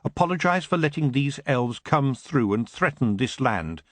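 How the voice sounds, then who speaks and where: A man narrating an audiobook in an expressive, dramatic reading. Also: medium pitch, moderate pace, no echo.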